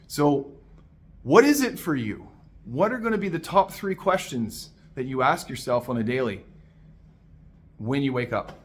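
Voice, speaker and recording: A man coaching listeners in an energetic, emphatic motivational monologue, calling them "my man". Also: mid-range voice, slight background noise.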